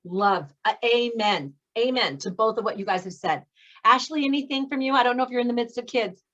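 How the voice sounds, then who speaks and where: A woman's voice: a little high, a little fast, a bit bright. Effusive woman coach on a dull call. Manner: effusive, encouraging, gushing praise. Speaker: speaking coach and course host. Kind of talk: warm graduation address on a video call.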